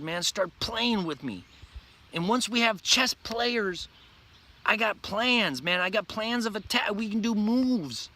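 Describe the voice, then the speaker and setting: A man rants to his viewers in an intense, profane vlog monologue, repeating himself and preaching hard. His voice sits high for a man. The tone is bright and forceful. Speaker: vlogger.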